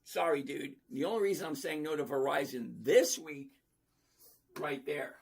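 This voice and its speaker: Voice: medium pitch, moderate pace, vocal fry, slightly rough. A livestream host casually chatting about stocks and reading viewer comments aloud, blunt and playful, hammering points home through repetition.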